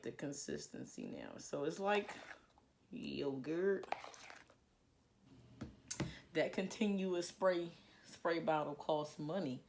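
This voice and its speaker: A young woman talks through her wash-day routine in a relaxed, unhurried way, with a gravelly edge to her low voice. She is chatty and jokes at her own expense. Faint room hiss sits under her words. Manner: chatty and self-mocking, jittery with nerves. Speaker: hair care vlogger. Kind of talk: casual tutorial chat. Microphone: plugged-in microphone.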